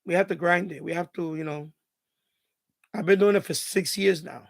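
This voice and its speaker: A man hosting a live stream in casual chat, his voice raspy and hoarse from hours of talking, giving rambling advice full of "you know" and restarts. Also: high voice, steady tone, moderate pace, dry recording, studio quality.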